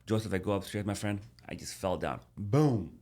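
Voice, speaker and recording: A man in his thirties speaks as a podcast guest, with a fairly low voice. He tells his story casually and animatedly, repeating words and restarting often. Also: animated, moderate pace, darkish tone.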